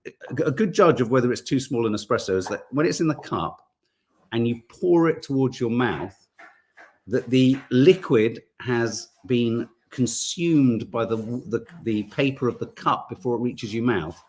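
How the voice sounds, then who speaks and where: A man's voice: mid-range voice, animated, unhurried, darkish tone, husky. Guy hosting a live chat, reading comments, voice bounces up and down a lot, playful. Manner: chatty, rambling, playful. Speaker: live show host.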